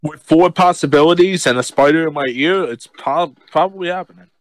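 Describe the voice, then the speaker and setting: A man chatting as a podcast co-host, rambling and self-mocking in a casual, animated way. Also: fairly high pitch, fairly quick, dry recording. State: deaf in left ear. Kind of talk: casual chat.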